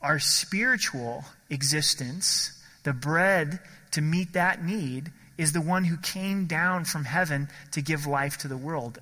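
Man, pastor preaching, bright forceful voice, fairly high, long hall reverb. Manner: earnest preaching, slows and drops his voice for scripture. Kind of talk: sermon.

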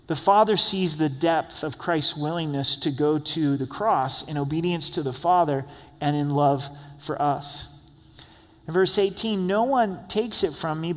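A male pastor delivering a sermon, reading scripture aloud verse by verse and addressing the congregation directly with light humor. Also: on the high side. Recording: long echoey hall reverb.

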